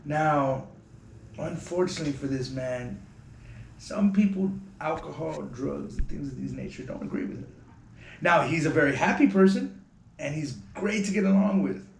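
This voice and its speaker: Man, casual storytelling to camera, slangy, relaxed, echoey room. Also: a little high, moderate pace, gravelly, slight background noise. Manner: relaxed, slangy, talks to viewers directly. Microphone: camera mic. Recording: roomy echo.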